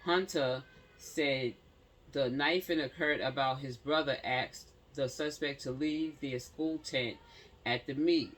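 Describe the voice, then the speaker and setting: A man's voice: medium pitch, takes it slowly, a bit bright. Man reading news with slangy asides. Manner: stumbles over words while reading, slangy asides to viewers. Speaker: commentary channel host. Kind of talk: reading a news story aloud with casual commentary.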